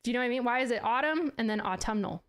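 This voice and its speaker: A woman's voice: a little high, very fast, smooth. Laughing, self-mocking woman streamer. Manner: playful, laughs often, swears casually; self-mocking, trips over words. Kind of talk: casual chat.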